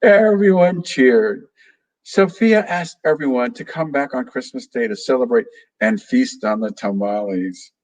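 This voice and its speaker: Man reading a picture book aloud to kids, slow and expressive, mid-range pitch. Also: poor audio. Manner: slow, expressive, addresses children. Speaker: guest reader, children's author. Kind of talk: children's storybook read-aloud.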